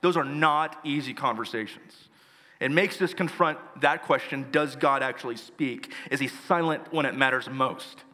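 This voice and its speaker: A man preaching a sermon as pastor, telling a story earnestly and reading scripture slowly with emphasis. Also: medium pitch, bright, forceful tone, in a large hall.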